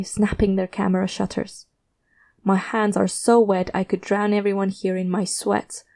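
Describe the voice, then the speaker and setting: A woman narrating a first-person fiction story in a measured, tense, steady way. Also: mid-range voice, gravelly.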